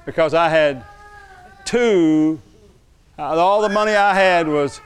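An older man preaching a sermon, telling a personal story, slowing for emphasis and dropping to a quiet, moved tone. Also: a little high, a little hiss or hum. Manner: storytelling, slows down for emphasis, drops to a hushed tone when moved. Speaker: pastor.

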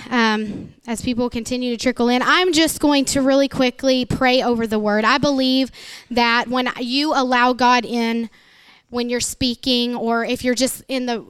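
A woman's voice: a little high, smooth, no echo. A woman pastor, preaching an emotional, emphatic sermon.

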